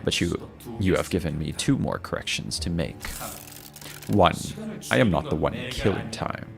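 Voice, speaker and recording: A man voicing a grandiose male villain from a game who steals time, speaking slowly and condescendingly. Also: sits low, expressive, gravelly, soft background music, voice pushed down. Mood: menacing. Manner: slow, lofty, condescending delivery. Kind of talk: dramatic reading of game dialogue.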